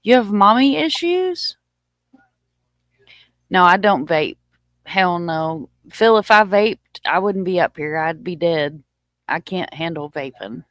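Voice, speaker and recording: A woman's voice: fairly low pitch, animated, takes it slowly, long pauses, fairly bright tone, dry recording. Chatty woman hosting a live stream. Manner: chatty and informal, talking to viewers. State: a little short of breath. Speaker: livestream host. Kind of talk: casual livestream chat.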